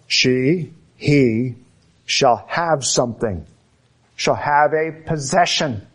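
A man preaching a sermon, slow and emphatic, building repeated phrases with dramatic pauses. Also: medium pitch.

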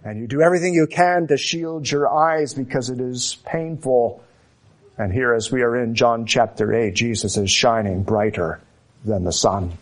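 Male pastor, sermon delivery, slow and deliberate, mid-pitched, emphatic repetition.

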